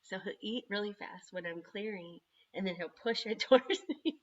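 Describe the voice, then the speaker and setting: A woman, the parent of an autistic son, chatting casually on a video call and telling stories in an animated way. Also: medium pitch, moderate pace, muffled recording. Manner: chatty, animated storytelling with frequent laughs. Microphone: computer microphone on a video call.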